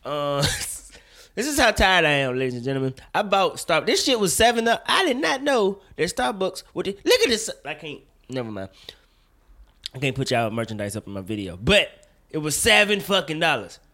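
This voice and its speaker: A young man hosting a casual podcast, talking with animated, profane, loud mock outrage. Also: fairly high pitch, normal speed. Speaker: podcast host. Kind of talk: casual chat.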